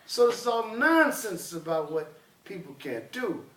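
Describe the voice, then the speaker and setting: A man's voice: high-pitched, very animated, measured pace, fairly bright tone, slight background noise. A man teaching a class, drilling students in call-and-response and speaking commandingly. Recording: echoey room, voice from far off.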